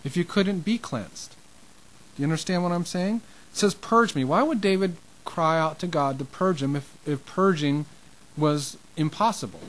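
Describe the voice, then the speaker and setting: A man's voice: fairly high pitch, moderate pace, poor audio. Impassioned man preaching an informal sermon. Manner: conversational and impassioned, with restarts and rising emphasis.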